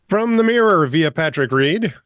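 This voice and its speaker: A man's voice: fairly high pitch, expressive, moderate pace, a bit bright, dry recording, studio quality. A man co-hosting a comedy news podcast, reading headlines in a chatty way and laughing often. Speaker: co-host. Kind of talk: casual news banter.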